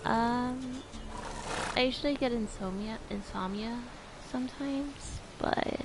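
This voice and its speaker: A woman game streamer chatting softly with viewers, giggly and hesitant. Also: a little high, slow, background noise. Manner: soft-spoken, giggly, hesitant. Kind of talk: casual chat.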